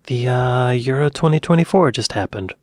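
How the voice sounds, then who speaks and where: A man's voice: medium pitch, normal speed, no room sound. American man chatting in a dry room. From United States. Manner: chatty, wry asides, exclaims in surprise. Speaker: reaction video host. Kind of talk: casual reaction commentary.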